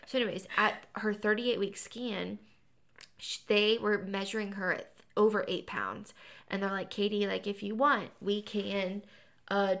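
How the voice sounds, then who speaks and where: A young woman on a podcast, chatting casually and telling a birth story with animated acted-out quotes. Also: mid-range voice. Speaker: podcast co-host.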